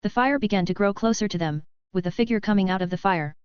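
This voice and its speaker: Smooth-voiced woman reading a novel. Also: medium pitch, quick pace, no echo. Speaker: audiobook narrator. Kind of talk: scripted narration. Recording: slightly dull lo-fi audio.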